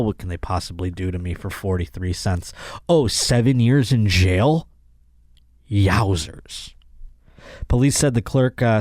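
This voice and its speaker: A man's voice: lowish voice, dark tone, no echo, studio quality. A young man hosting a comedic news podcast, reading odd crime stories and riffing on them with sarcastic, exasperated asides. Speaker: podcast host.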